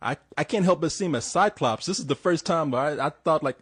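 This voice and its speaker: A man chatting casually on a film review podcast, eager and quick to agree, laughing along with the others. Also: fairly high pitch, lively intonation, slightly rough, no echo, clean studio sound.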